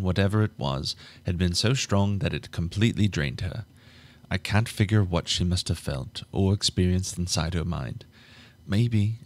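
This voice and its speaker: Man, very low voice, measured audiobook narration, redoes slips. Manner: measured, restarts flubbed lines.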